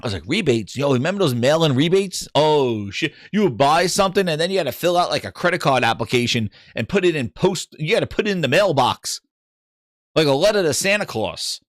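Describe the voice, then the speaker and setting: Male gaming host, high, very animated pitch, casual profane storytelling. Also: fairly quick, no room sound, studio quality. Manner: animated, swearing, acts out voices in anecdotes.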